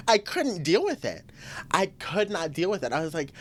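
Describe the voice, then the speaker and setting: A woman's voice: on the low side, very animated, moderate pace, slight background noise. A woman hosting a podcast on her own, venting in a blunt, profane, emphatic way. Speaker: podcast host. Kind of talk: casual solo podcast venting.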